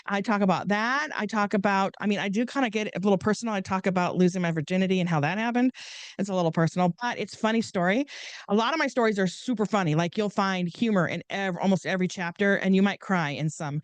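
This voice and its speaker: A woman's voice: mid-range voice, fast talker, smooth, no room sound. A woman guest telling stories in a chatty, rambling way, laughing often and restarting her sentences. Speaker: podcast guest and author. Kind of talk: casual storytelling interview.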